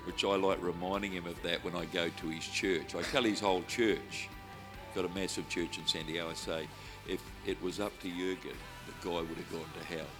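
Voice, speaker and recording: A man preaching, telling a lively story and acting out the voices, then praying fervently over a crowd. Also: deep voice. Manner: animated storyteller, acts out voices, ends in loud fervent prayer. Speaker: evangelist preacher. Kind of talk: sermon with storytelling and prayer. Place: stage before a crowd. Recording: music playing behind.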